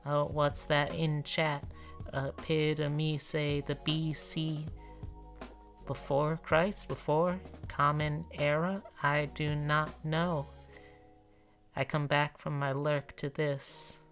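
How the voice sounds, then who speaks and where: Sleepy low-voiced woman rambling while drawing. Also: level tone, slow, faint music behind. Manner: sleepy, rambling, breaks into joking freestyle raps. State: sleepy, yawning. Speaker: streamer drawing live. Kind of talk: casual stream chatter.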